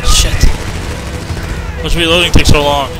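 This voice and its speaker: A man's voice: on the high side, level tone, a little slow. A man playing a co-op game for the first time, joking around, swearing and asking how things work. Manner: jokey, swears often, asks questions. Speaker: gamer new to the game. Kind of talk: casual gameplay chat. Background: game music and battle sounds.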